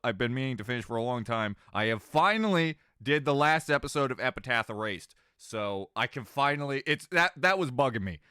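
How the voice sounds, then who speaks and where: A man with a mid-range voice and a slight Southern American twang chats casually with live stream viewers, rambling, joking, and often laughing mid-sentence. His tone is sharp and clean, captured in a dry, clean studio with no echo.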